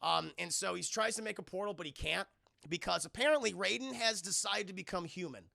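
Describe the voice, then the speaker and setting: A man streaming a live film review, recapping scenes sarcastically for his chat with swearing and quick mock impressions of the characters. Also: sits high, creaky, no room sound, clean studio sound. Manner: sarcastic, animated retelling with profanity.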